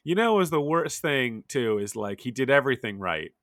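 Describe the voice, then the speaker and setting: A man's voice: mid-range voice, very animated, a little fast, a bit bright, dry recording, clean studio sound. A man chatting casually about golf as a podcast co-host, rambling with lots of filler words.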